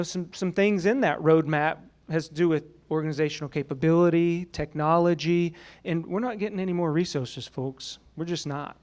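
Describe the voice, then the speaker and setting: A man's voice: sits high, smooth. A man giving a conversational conference presentation to a room of colleagues, often saying "you know" and asking the audience questions. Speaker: presenter at a training summit.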